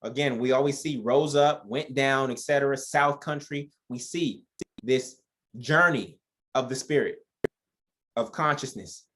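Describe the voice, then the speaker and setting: A man's voice: medium pitch, fairly bright tone. A man leading an informal Bible study who reads verses aloud and comments on them in a joking, conversational way, addressing listeners as y'all.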